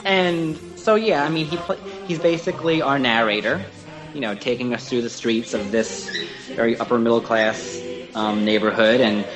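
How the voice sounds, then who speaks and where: Man, podcast co-host, casual chat, enthusiastic, rambling, lots of fillers, average pitch, faint background music. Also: normal speed, rough recording. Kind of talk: casual podcast discussion of film performances.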